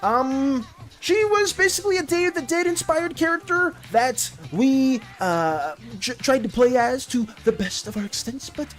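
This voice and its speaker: A young adult streamer chatting casually with viewers, rambling and animated, with plenty of restarts and fillers. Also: high voice, unhurried. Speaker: livestreaming artist chatting with viewers. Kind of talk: casual livestream chat.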